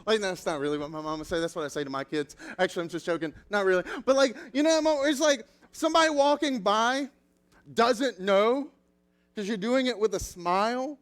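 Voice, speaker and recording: A man preaching a sermon as pastor, telling stories with animated acted-out quotes. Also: high-pitched, a little fast.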